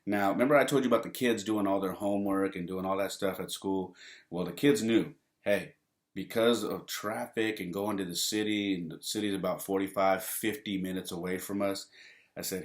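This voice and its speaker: A man's voice: low voice, fairly even intonation, normal speed. A man hosting his own podcast, telling stories in a laid-back, rambling way, laughing often and saying "man" and "you know". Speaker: podcast host. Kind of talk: casual solo podcast storytelling.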